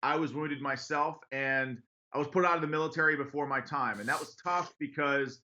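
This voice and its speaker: A man in his thirties from western Pennsylvania, a congressional candidate telling his story in an earnest, brisk radio interview. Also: a little high, fairly even intonation, sharp tone, muffled recording, slight background noise. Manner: earnest, brisk, laughs easily while telling stories.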